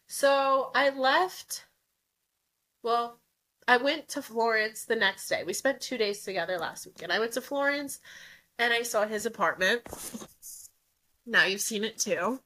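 A young woman tells her own dating stories in an unfiltered, emphatic monologue, swearing as she goes. Her voice is sharp and bright and sits a bit high. She laughs easily between her points. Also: unhurried, long pauses. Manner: blunt, profane and emphatic, with frequent laughs. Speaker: podcast host. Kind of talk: candid casual monologue.

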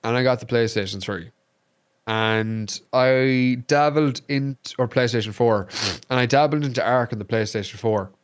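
An Irish man, a streamer guest on a podcast, chatting casually and telling animated stories, swearing freely. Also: medium pitch, moderate pace, smooth. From Ireland. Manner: animated storyteller, swears freely, acts out quotes.

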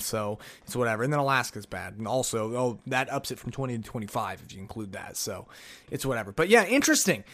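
A man hosting a solo podcast, chatting casually and rambling through old notes with jokey asides. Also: mid-range voice. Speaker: podcast host.

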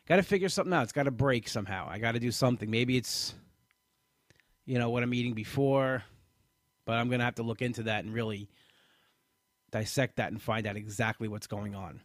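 A man's voice: mid-range voice, fairly quick, long pauses, no echo, clean studio sound. A man, a comedian, talking casually about his weight loss in a frustrated, rambling way with many restarts. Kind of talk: casual monologue.

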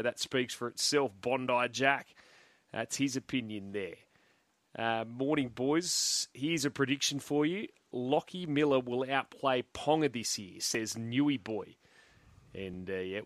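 An Australian man hosts a sports radio show in a mid-pitched voice. He reads listener texts briskly and chats easily. The sound is dry and close. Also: fairly bright tone, dry recording. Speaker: radio host.

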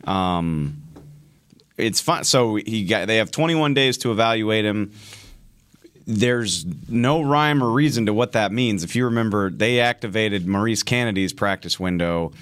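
A man's voice: fairly low pitch, unhurried, a bit bright, smooth, dry recording. A man co-hosting a casual sports chat, explaining things at length in a conversational way. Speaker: co-host.

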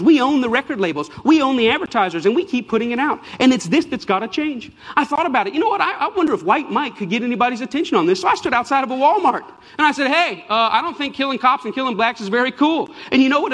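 A man with a high voice delivers a passionate speech in an emphatic, preacher-like rhythm. His words ring out with a long hall reverb around them. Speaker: speaker giving a talk. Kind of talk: impassioned public speech.

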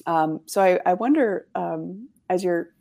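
A woman coach in casual conversation who explains ideas through analogies, pausing often with ums. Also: on the low side, creaky, mellow. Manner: thoughtful, uses analogies, many fillers. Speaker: coach with clients.

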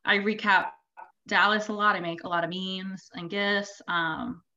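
A woman's voice: medium pitch, steady tone, measured pace, sharp tone. A woman from Maryland with a Maryland accent, a podcast guest talking casually in a blunt, offhand way. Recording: dull, lo-fi remote podcast audio.

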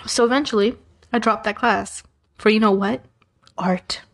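A woman's voice: a little high, moderate pace. Chatty young woman telling school stories. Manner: chatty, animated retelling with acted-out quotes. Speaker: podcast host. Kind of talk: casual storytelling.

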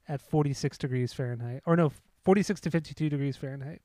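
A man's voice: mid-range voice, fast talker, mellow, no echo, studio quality. A young man co-hosting a casual beer review, joking and teasing, coughing now and then from a tickle in his throat. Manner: joking, teasing, stumbling over foreign names. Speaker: podcast co-host reviewing beer. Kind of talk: casual chat.

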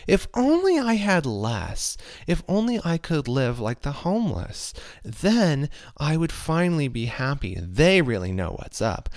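A man's voice: fairly high pitch, very animated, a little slow, hardly any pauses. A man puts on a whiny, self-pitying fellow with a jokey fake accent, complaining he owns too much stuff. The delivery is mocking and exaggerated, set against a dry, close sound with no room echo. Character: whiny comfortable man, mock-envious of the homeless.

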